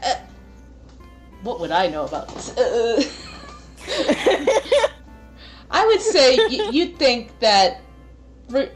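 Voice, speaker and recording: A young woman runs a tabletop game as its game master. Her voice is fairly high and swings up and down a lot. She laughs often and hesitates while she works things out. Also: wildly swooping pitch, very slow, pauses often, over loud music.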